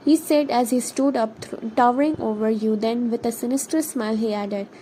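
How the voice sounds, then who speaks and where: A woman reading her fan fiction story aloud as a narrator, steady with occasional slips. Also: on the high side, fairly quick, hardly any pauses, a little hiss or hum, poor audio. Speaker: fan fiction author and reader.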